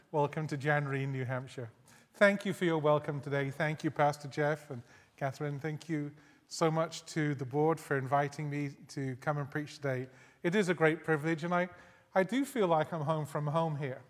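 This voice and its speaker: A man preaching a sermon as a guest pastor, conversational and gently humorous, reading scripture aloud. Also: fairly high pitch. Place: church sanctuary. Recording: long hall reverb.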